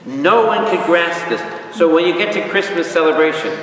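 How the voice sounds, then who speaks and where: A man, a priest, teaching a lively Bible study and quizzing his audience, recorded from a distance in a large room. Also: on the high side, moderate pace. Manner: asks the audience questions, spells out words, animated. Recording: echoey hall from far off.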